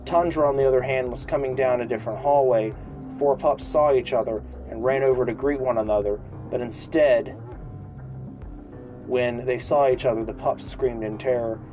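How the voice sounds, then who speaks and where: A man's voice: mid-range voice, steady tone, normal speed, muffled recording, faint music behind. A man reading a homemade story aloud, stumbling and restarting now and then. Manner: reads with slips and restarts, shouting the screams. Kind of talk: amateur read-aloud storytelling.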